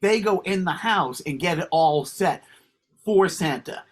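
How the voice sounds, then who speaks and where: A man's voice: high voice, measured pace. A man co-hosting a podcast, rambling through casual stories and laughing as he talks. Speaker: podcast co-host. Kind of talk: casual chat.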